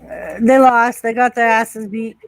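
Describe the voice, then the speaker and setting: A woman's voice: on the high side, a little slow, vocal fry, no room sound. A woman co-hosting a live stream, chatting casually and reacting to wrestling. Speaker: stream co-host.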